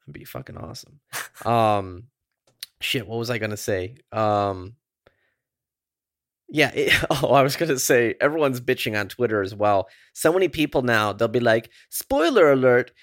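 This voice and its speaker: A man's voice: mid-range voice, moderate pace, fairly bright tone, no echo, clean studio sound. A man co-hosting a podcast in a casual chat, rambling and laid-back with lots of fillers. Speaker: podcast co-host.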